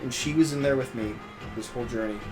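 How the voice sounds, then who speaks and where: A man's voice: medium pitch, quick pace. A young man hosting a casual gaming podcast, ranting emotionally and swearing often. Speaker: podcast host. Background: music.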